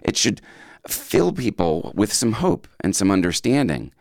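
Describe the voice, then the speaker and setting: A man's voice: lowish voice, very animated, measured pace, creaky, darkish tone, no room sound, studio quality. A man hosting a radio show, talking casually and quizzing listeners with rhetorical questions. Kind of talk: casual radio talk with a quiz.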